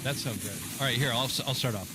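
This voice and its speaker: A man co-hosting a radio show, telling a story in casual banter and breaking into shrill yelled impressions. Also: brisk, noisy background. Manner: animated storyteller, shrill mimicked yells. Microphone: studio microphone.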